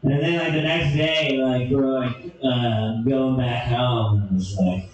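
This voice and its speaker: A young man telling a crude, animated comedy story, now and then breaking into shouted bursts. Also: medium pitch, slow pace, far from the mic, lo-fi sound. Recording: echoey room, from off mic.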